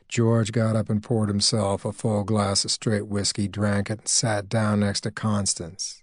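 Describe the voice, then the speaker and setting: A man reading a short story aloud in an audiobook, slow and measured. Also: fairly low pitch, level tone, no echo, studio quality. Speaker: narrator.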